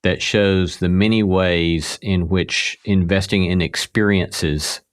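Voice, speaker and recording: A man with a low voice hosting an interview show. He introduces his guest and asks questions in a thoughtful, professorial manner. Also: fairly even intonation, slow, smooth. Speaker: podcast host.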